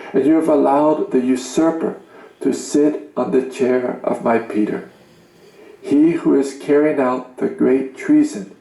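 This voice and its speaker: Man, grave slow reader, gravelly, roomy sound; scripture-style delivery. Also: mid-range voice, dark tone. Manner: grave, commanding, measured delivery. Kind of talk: solemn reading of a religious message. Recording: roomy echo.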